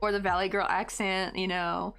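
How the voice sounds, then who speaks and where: A woman's voice: medium pitch, flat delivery, normal speed, gravelly, fairly bright tone, clear, resonant tone, faint music behind. A woman from Tennessee with a light West Tennessee Southern accent, chatting casually and rambling with lots of fillers while she crochets on a livestream. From Tennessee, United States.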